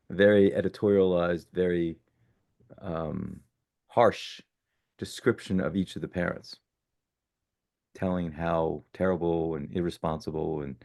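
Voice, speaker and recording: Deep gravelly man in his sixties. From born in Italy, raised in the United States. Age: 60s. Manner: animated, self-correcting storyteller. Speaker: podcast guest. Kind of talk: casual storytelling interview.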